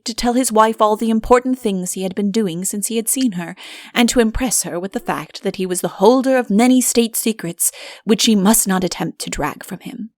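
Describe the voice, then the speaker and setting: A woman narrating an audiobook of a comic fairy tale in a wry, deliberate storytelling manner. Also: mid-range voice, gravelly, a little mellow, no echo, studio quality.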